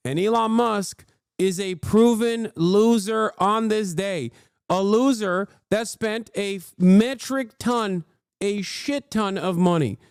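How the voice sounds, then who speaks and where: A man in his thirties doing casual livestream commentary from home, profane, excitable and mocking as he rants about the news. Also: high voice, creaky, clean tone, dry recording, studio quality. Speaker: streamer reacting to news. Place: home streaming room.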